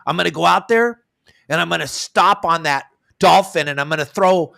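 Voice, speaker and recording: A middle-aged man and sportfishing captain, telling an excited fishing story and acting out the dialogue. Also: on the high side, normal speed, creaky. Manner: animated, acts out the dialogue.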